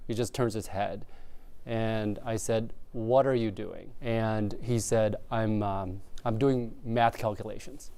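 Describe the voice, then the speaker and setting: A man's voice: on the low side, steady tone, slow, mellow, clean tone. A young adult man from Vietnam, earnest and reflective, recounting what happened to him in an interview. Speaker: interviewee, local prosecutor. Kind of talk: emotional first-person recounting.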